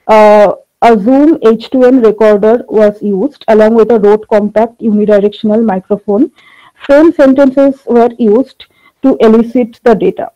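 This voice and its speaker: A woman giving an academic conference presentation on linguistics, talking through her slides in a measured way with frequent filler pauses. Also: on the high side, steady tone, mellow, dull audio. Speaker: linguistics researcher presenting a paper.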